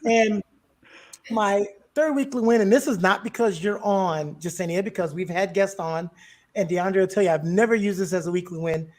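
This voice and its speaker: Wry joking co-host with mid-pitched voice. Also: normal speed, darkish tone. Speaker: podcast co-host. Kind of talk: casual interview chat.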